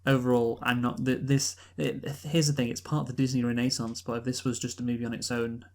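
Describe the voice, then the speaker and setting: A man co-hosting a casual movie review podcast, halting with fillers and dry sarcasm. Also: medium pitch, flat delivery. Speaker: podcast co-host.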